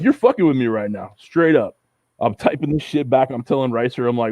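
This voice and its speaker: A man's voice: medium pitch, a little fast, dry recording. A man from Southern California, a guest on a casual livestream, telling a story with lots of swearing and acting out the back-and-forth. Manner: profane, animated storytelling, acts out quoted exchanges.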